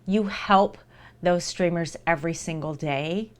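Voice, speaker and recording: A woman with a fairly low voice and a somewhat slow pace livestreams, chatting casually with her viewers while she eats.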